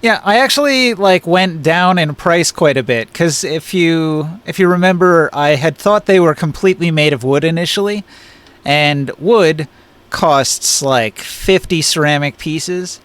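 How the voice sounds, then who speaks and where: Smooth-voiced game master man. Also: a little high, a little slow, a bit bright. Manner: chatty, explains with many fillers, laughs often. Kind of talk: running a tabletop game on a live stream.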